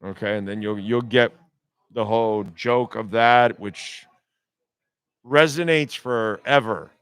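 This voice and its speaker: Man, sports radio host, sarcastic profane rant, unhurried delivery, smooth resonant voice. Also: mid-range voice, a bit bright, no echo. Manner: blunt, sarcastic, profane ranting.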